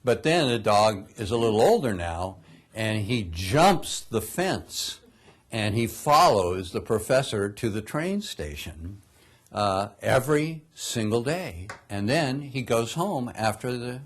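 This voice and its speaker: An older male pastor narrates a film's plot to his congregation as part of a sermon. His voice sits a little low, and he tells the story in an easygoing way, chuckling at his own slips. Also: very animated, slow pace. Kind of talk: sermon retelling a film plot.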